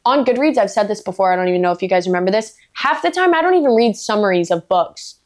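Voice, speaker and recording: A woman's voice: medium pitch, lively intonation, fast talker. A woman book vlogger ranting casually, blunt and emphatic, swearing freely, with playful self-mocking asides. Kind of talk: casual vlog rant.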